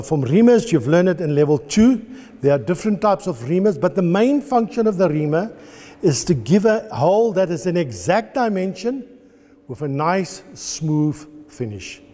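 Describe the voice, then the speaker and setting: A lecturer stands at a lathe in an engineering workshop, patiently demonstrating each step. His voice is a little high with a dark tone, and the reverberant room holds faint ambient noise.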